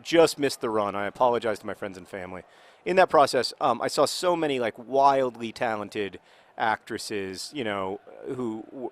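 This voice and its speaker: A man chats loosely while playing a video game, his voice rising and falling in a lively, animated way. He rambles and restarts his thoughts often. Without warning he can burst into loud, excited yelling at the match. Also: medium pitch. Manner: rambling, with many restarts and fillers. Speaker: author and video game player.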